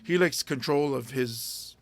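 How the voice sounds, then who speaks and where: A man's voice: medium pitch, takes it slowly. A man hosting a casual talk, telling long rambling stories with lots of fillers and restarts. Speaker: podcast host and stand-up comedian. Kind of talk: casual storytelling chat.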